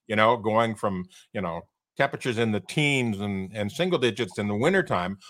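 Animated man hosting a panel. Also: mid-range voice, no room sound. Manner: animated, fond of rhetorical questions. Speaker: show host. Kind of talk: panel discussion commentary.

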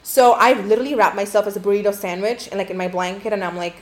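A woman's voice: medium pitch, steady tone, fast. A young adult woman telling a story to camera in a casual storytime style, swearing a lot and saying "like" constantly. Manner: profane, rambling, heavy use of "like".

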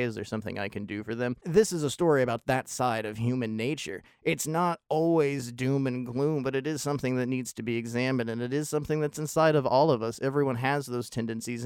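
A man's voice: mid-range voice, clean tone, no room sound, clean studio sound. A man casually reviewing a film on his show, opinionated and rambling, with wry self-deprecating asides.

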